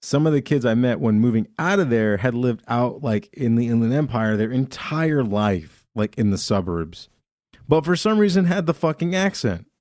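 A man's voice: medium pitch, lively intonation, moderate pace, darkish tone, no echo, clean studio sound. A man from Southern California, a podcast host telling profane, rambling stories with lots of laughter. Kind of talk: casual comedy chat.

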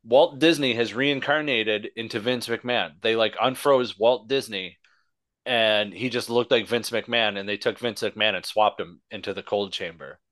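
A man's voice: on the low side, normal speed, fairly bright tone, no room sound. A man co-hosting a casual wrestling podcast, ranting sarcastically and swearing constantly. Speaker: podcast co-host.

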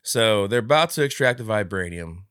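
A man co-hosting a podcast, casually reviewing a movie and retelling scenes with lively quoted voices. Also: fairly low pitch, normal speed, clear, resonant tone, dry recording, studio quality. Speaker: podcast co-host.

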